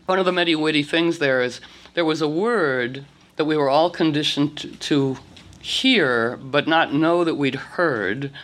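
A man telling rambling stories to a group, acting out quotes and restarting often. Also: fairly high pitch. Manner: animated, acts out quotes, many restarts. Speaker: speaker addressing a group. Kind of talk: rambling storytelling talk.

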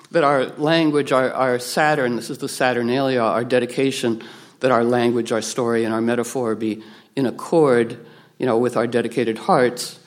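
A man giving a rambling spiritual talk, animated, acting out quotes from others with playful voices and frequent restarts. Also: medium pitch.

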